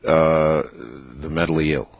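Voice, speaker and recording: A man hosting a late-night radio interview, asking halting questions and murmuring brief acknowledgments. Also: extremely low pitch, monotone, dry recording. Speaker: radio talk show host. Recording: dull lo-fi broadcast audio.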